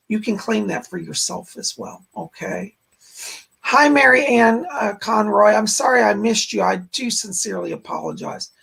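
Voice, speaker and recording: A man hosting a psychic live stream with a hoarse voice that keeps going out, chatting to viewers and leading a guided meditation. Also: sits high, lively intonation, moderate pace, sharp tone. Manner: speaks straight to viewers, frequent throat clearing. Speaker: psychic medium host.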